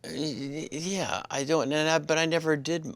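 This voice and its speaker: A middle-aged comedian guest telling animated anecdotes in casual chat, full of quick asides. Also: male voice, a little high, gravelly, no echo. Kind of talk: casual interview chat, storytelling.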